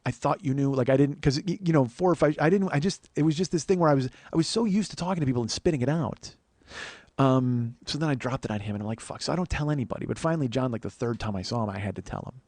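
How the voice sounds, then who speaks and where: Close to the mic with no room sound, this podcast host and comedian rambles through a profane, self-deprecating solo story, restarting often. He talks at a quick pace in a mid-range, darkish voice.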